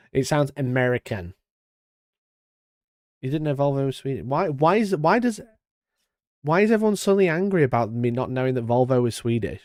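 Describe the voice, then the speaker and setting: A British man hosting a casual live stream, chatty and mock-indignant, talking into a boom-arm mic. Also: very animated, normal speed, pauses often, a little mellow, no echo. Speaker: streamer host. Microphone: studio mic on boom arm.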